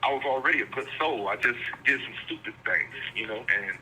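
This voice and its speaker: An earnest man in his forties from Virginia, USA, speaks plainly and rambles a little during a candid interview he gives over the phone from prison. His mid-range voice is pushed and bright and a little fast, with slight background noise on a low-quality recording.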